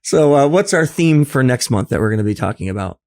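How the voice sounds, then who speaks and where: A man hosting a podcast, chatting in a jokey, animated way and laughing often. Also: medium pitch, a little fast. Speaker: podcast host. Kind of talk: conversational podcast discussion.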